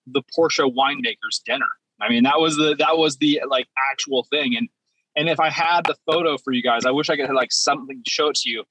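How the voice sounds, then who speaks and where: A man's voice: medium pitch, sharp tone, no echo, low-quality recording. A man chatting casually on a podcast from the driver's seat of his parked car, rambling and self-deprecating. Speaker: podcast guest. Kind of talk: casual chat.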